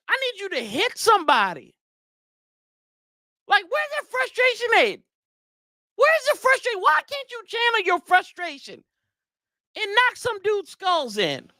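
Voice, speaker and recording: A man with a notably high, bright voice rants as a sports show host. His pitch swings widely as he rambles, exasperated, and throws slangy asides to his viewers. The sound is dry and close. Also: no room sound. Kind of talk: casual sports rant.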